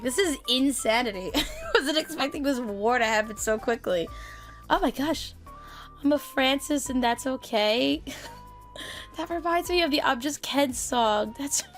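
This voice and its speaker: A high-pitched woman chatting live on her stream over faint background music. She talks excitably, laughs a lot and swears in playful mock outrage. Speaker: streamer hosting a chat with creators. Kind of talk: casual live stream chat.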